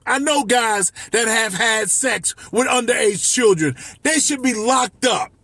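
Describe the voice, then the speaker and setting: A man in his fifties from Miami, a life coach, delivering an impassioned, profane, shouting monologue. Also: extremely high pitch, lively intonation, measured pace, no room sound. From Miami, United States. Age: 50s. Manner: shouting, profane, emotional ranting.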